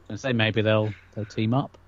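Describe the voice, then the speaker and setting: A man's voice: on the low side, dull audio. A man on a podcast livestream, chiming in wryly during casual chat. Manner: wry, chiming in. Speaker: podcast co-host.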